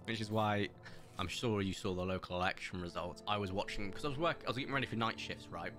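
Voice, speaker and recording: A man hosts community games on a live stream, speaking quickly in a slightly bright voice on the low side. He chats casually, rambling through anecdotes with many fillers, while faint music plays behind him.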